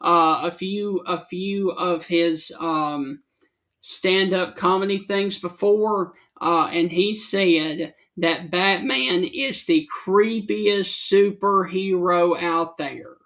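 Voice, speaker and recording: A man's voice: high voice, fairly even intonation, slow, fairly bright tone. A man co-hosting a casual talk show, reading trivia and giving terse, matter-of-fact answers. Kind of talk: casual chat.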